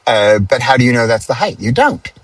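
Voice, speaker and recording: A middle-aged man hosting his own podcast, chatting casually and explaining things step by step with little asides, recorded in a car on the highway. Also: big pitch swings, a little fast, dry recording, rough recording. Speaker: podcast host. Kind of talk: casual solo monologue.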